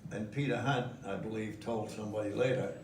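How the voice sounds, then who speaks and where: A man's voice: lowish voice, fairly even intonation, fairly quick, darkish tone. An older man, a guest at a live stage interview, telling anecdotes with chuckles. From Australia. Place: museum event hall with audience. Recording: echoey hall from far off, noisy.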